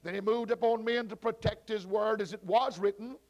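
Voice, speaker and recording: A man teaching a church Bible study, talking slowly with many fillers and repeated words, and calling out to people at the back of the room. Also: high voice, fairly even intonation, dull audio. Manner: slow, repetitive teaching with frequent fillers and restarts.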